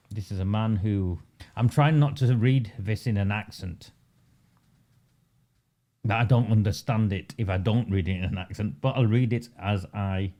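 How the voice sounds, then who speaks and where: A man's voice: on the low side, warm tone. A man delivering a combative, sarcastic political commentary monologue, full of rhetorical questions. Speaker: local political campaigner.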